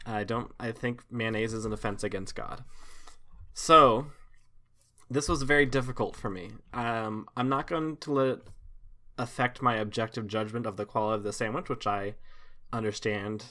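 Bright-voiced man, halting chat. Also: fairly low pitch. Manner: halting, many restarts and fillers. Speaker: podcast co-host. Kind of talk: casual podcast chat.

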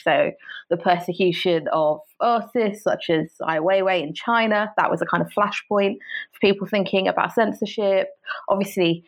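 Woman lecturer on a podcast, lowish voice, clear explainer vibe. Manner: articulate, explanatory. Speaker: guest, academic lecturer. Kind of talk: podcast interview.

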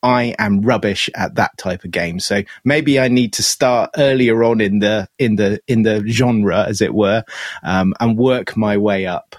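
A man's voice: fairly low pitch, a little slow, dry recording, clean studio sound. A British man co-hosting a podcast over a remote call, chatting casually in a rambling, self-deprecating way. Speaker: podcast co-host. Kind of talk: casual chat.

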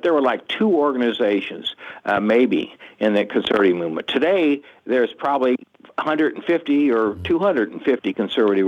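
An older man talks through his views in an earnest, reflective tone, pitched in the ordinary middle range for a man. The audio is slightly muffled and lo-fi, with its highs rolled off. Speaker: guest author. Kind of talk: conversational interview answers.

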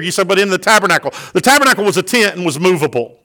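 A middle-aged male pastor preaching a sermon with fervour, rising into loud, impassioned peaks. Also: high-pitched, animated, rapid-fire, low-quality recording.

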